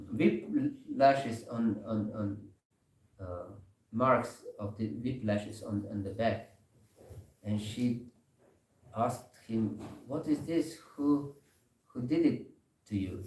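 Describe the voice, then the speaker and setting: A man giving a sermon in a temple hall, telling a story slowly with many pauses and soft laughs. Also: medium pitch, recorded from a distance. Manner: slow storytelling with frequent pauses and hesitations, laughing softly. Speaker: speaker giving a scripture class.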